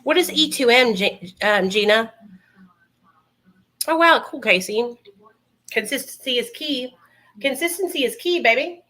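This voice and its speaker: A woman's voice: on the high side, expressive, a little slow, pauses often, pushed and bright. A woman chatting casually with her livestream viewers from home while doing her makeup, calling them honey and baby. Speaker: livestream host.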